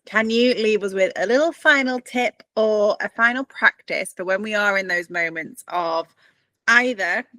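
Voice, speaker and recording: A woman's voice: lowish voice, pushed and bright, no echo. Affirming woman podcast host. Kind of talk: interview questions.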